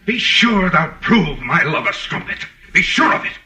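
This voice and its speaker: A jealous general who explodes in declamatory fury in a 1940s radio play. His voice is very bright and piercing, and it sits a little high. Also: sing-song, moderate pace, heavily acted. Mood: furious. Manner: declamatory, furious outbursts. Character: jealous, raging male general Othello.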